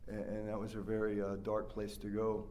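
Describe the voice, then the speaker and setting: A man's voice: fairly low pitch, monotone, a little fast, a little mellow. A man giving a rambling, heartfelt personal share as a speaker at a recovery workshop, full of fillers and restarts. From West Virginia.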